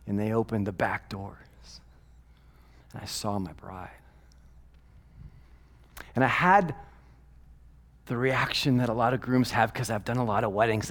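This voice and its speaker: Man preaching, loud then whispered. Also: mid-range voice. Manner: swings from loud emphatic peaks to hushed whispers. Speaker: pastor. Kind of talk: sermon.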